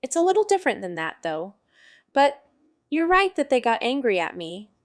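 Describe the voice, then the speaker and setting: A woman's voice: sits high, sing-song, normal speed, no echo, studio quality. Woman voicing a mocking jester wizard. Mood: sardonic rambling. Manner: sardonic, rambling, mocking. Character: brash, foul-mouthed male jester wizard narrating.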